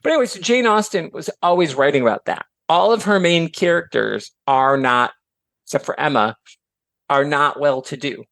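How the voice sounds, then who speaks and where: A middle-aged man from Michigan chatting as a podcast guest, animated and filler-heavy, slipping into voices for quotes. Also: on the high side, moderate pace, vocal fry, no echo. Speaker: podcast guest, author and educator. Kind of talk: casual chat.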